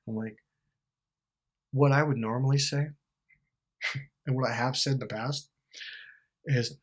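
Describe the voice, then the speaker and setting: Blunt, swearing male host, slightly husky voice, mid-range pitch, talks straight to camera. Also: steady tone, a little slow, long pauses. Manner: blunt and profane, acts out quoted lines; laughs often mid-sentence. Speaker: self-help video host. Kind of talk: casual monologue.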